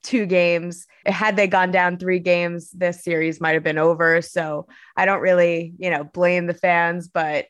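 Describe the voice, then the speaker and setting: A woman reporter discussing a hockey game in chatty, lively analysis on a sports talk show. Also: on the low side, measured pace, hardly any pauses, clear, resonant tone, no echo.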